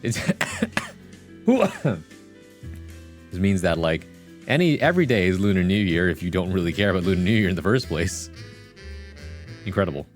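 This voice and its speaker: A man's voice: sits low, lively intonation, moderate pace, long pauses, faint music behind. A man streaming live, chatting casually with his viewers in a rambling, jokey way and laughing often. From Vietnamese heritage. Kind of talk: casual livestream chat.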